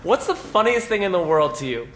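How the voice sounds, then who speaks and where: A woman interviewing from off camera, firing playful questions at a quick clip. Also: on the low side, very animated, a little hiss or hum. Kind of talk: upbeat rapid-fire questioning.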